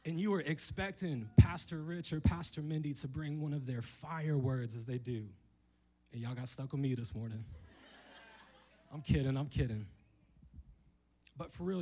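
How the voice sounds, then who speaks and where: A man with a husky, slightly breathy voice preaches a sermon to a church congregation. He keeps it conversational and playful, jumping into the voices of the people in his story. His pitch sits in an ordinary middle range. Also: dark tone, low-quality recording. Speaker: guest preacher.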